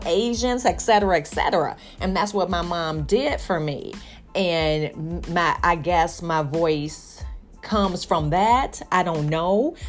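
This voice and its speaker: Candid, rambling woman podcaster from Chicago. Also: on the low side. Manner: candid, rambling, many restarts and fillers. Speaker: podcast host. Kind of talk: casual solo podcast monologue.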